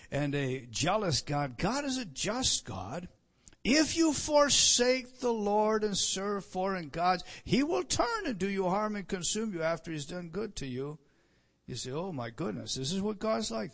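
Man, middle-aged, pastor, sermon, slightly high voice, emphatic repetition, loud-to-hushed swings. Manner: repeats phrases for emphasis, swings from loud preaching to soft asides.

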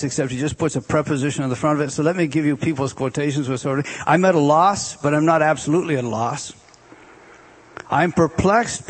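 A man preaching with a somewhat higher voice that carries a husky, breathy edge. He explains the meanings of words, then swings between emphatic raised passages and hushed, drawn-out repetitions. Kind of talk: sermon.

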